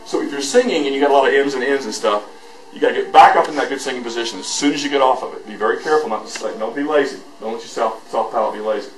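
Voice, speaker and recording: Over background music, a man runs a voice master class in a school hall, talking in a rapid-fire, medium-pitched voice as he jokes with students and demonstrates techniques with his own voice. The recording is echoey and picked up from far off in the hall.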